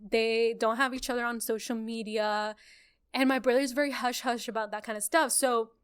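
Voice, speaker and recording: Woman, podcast co-host, animated storyteller, higher voice, clear smooth tone. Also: moderate pace. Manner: animated storyteller, acts out quotes, laughs often. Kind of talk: casual podcast chat.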